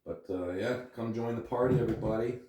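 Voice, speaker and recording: A man's voice: deep voice, normal speed, a little mellow. A man hosting a casual chat, loose and easygoing, laughing often. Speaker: podcast host. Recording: echoey room, distant mic.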